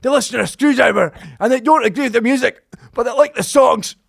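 A man imitating a militant male Scottish anarcho-punk singer with a Scottish accent, yelling from the stage in a high, strained voice. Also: fairly quick, creaky, husky, no echo, studio quality, heavily acted. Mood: yelling, preachy.

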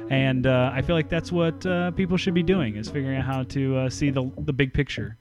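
Blunt, profane podcast host. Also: male voice, mid-range voice, a little fast, muffled recording, over music. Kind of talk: casual profane podcast chat.

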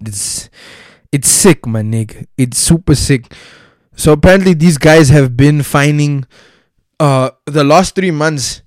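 A man's voice: a little high, no room sound, clean studio sound. A young South African man giving casual solo commentary, profane and heated, heavy with slang.

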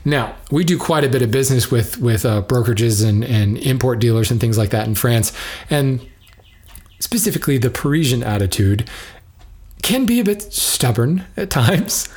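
A man's voice: medium pitch, lively intonation, normal speed, a little mellow, husky. A man in the lumber trade giving casual spoken commentary, musing and drifting between side thoughts as he thinks aloud. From United States.

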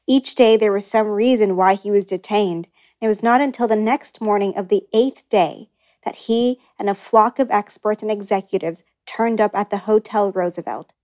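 A woman reading a first-person memoir aloud as an audiobook narrator, in a measured, earnest way. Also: medium pitch, a little mellow.

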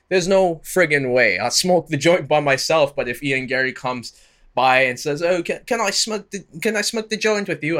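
Host, male, bright forward tone, chatty slangy video commentary. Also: medium pitch. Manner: slangy, chatty, animated asides.

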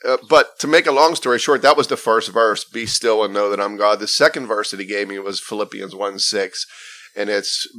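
Earnest man with a bright, forceful voice. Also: on the low side, fairly even intonation, fairly quick. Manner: earnest and emphatic, often restarting phrases. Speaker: guest sharing his testimony. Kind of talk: personal faith testimony in conversation.

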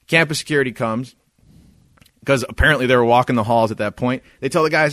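A man's voice: mid-range voice, fast talker, dry recording. A man co-hosting a podcast, telling a story in casual chat, swearing a lot and acting out what people said. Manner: animated, profane, acts out quoted lines. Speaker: podcast co-host.

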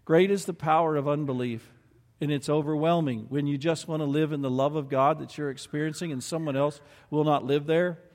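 Male preacher, a touch high-voiced, earnest sermon delivery with swells of emphasis, long hall reverb. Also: steady tone, brisk, darkish tone. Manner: earnest, rising to emphatic peaks. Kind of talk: sermon with scripture reading.

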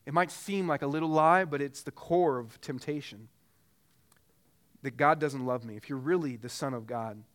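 A man's voice: medium pitch, moderate pace, a bit bright. A man preaching a sermon as pastor, earnest and pressing with repeated rhetorical questions.

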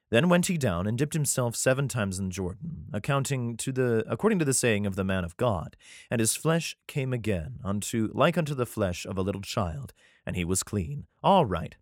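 A man with a low voice reads an old Bible passage aloud, then keeps cutting in with crude, sarcastic jokes. His pitch jumps all over the place as he mocks the story. The sound is close and dry, with no room at all. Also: sing-song, normal speed, dry recording. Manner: profane, sarcastic asides between read passages; reads archaic scripture aloud, stumbling and rereading. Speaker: podcaster reading and commenting on the Bible. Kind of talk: casual irreverent Bible reading with commentary.

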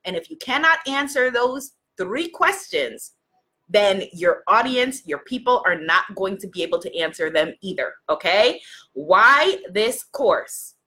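A woman's voice: mid-range voice, animated, unhurried, sharp tone. A woman business coach giving a chatty live-streamed talk to her students, laughing often as she goes.

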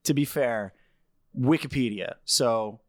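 A man co-hosting a podcast in casual chat, hesitant and halting as he talks. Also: mid-range voice, crowd noise. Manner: hesitant, many fillers and restarts. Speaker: podcast co-host. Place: at home in Queens, remote call.

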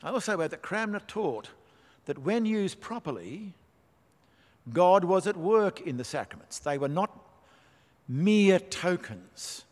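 A man's voice: high voice, sing-song, moderate pace. A man preaching a sermon, emphatic, with rhetorical questions and dry asides. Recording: long hall reverb.

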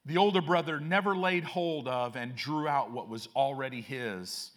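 A man preaching a sermon as pastor, reading scripture aloud with slow, emphatic phrasing. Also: mid-range voice, a bit bright.

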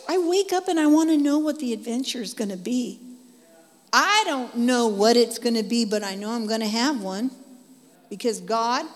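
A woman with a fairly high voice gives a spirited testimony sermon. She tells her story in excited bursts, repeating words for emphasis. Her voice carries a long hall reverb.

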